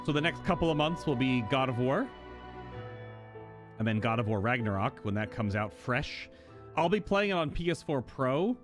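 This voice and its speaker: Man, gaming streamer, casual rambling commentary, talks to chat, mid-pitched voice, faint music behind. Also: expressive, moderate pace.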